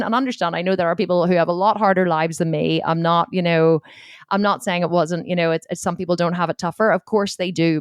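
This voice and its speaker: A woman, a podcast guest telling her story in a blunt, swearing, animated way. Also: medium pitch, no echo, clean studio sound. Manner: blunt, expletive-heavy, animated retelling. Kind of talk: candid storytelling interview.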